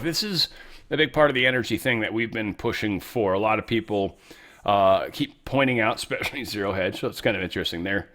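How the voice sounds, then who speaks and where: A man's voice: lowish voice, pushed and bright. A man hosting casual political commentary, rambling and profane with sarcastic asides. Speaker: show host.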